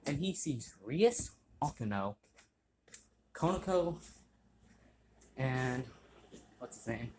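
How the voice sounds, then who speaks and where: A man's voice: mid-range voice, lively intonation, takes it slowly, long pauses, background noise. A man casually narrating an improvised story, rambling, swearing and correcting himself.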